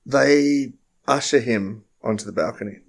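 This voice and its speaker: Gravelly man, wry storyteller. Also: mid-range voice, a little slow. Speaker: podcast co-host. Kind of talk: improvised comedic storytelling.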